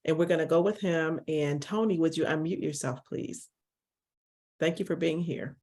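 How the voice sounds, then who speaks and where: A woman hosting an online support meeting on a video call, halting and thankful, restarting sentences. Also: deep voice, darkish tone. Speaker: meeting host.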